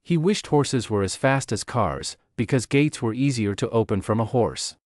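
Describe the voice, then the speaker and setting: A man's voice: mid-range voice, lively intonation, normal speed, a little mellow, no echo, studio quality. Man narrating a learner audiobook. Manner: clear and plain.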